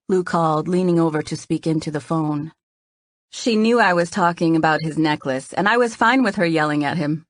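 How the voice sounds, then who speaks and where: A woman's voice: deep voice, dry recording, clean studio sound. A woman narrating a romance audiobook in the first person, with a light storytelling delivery.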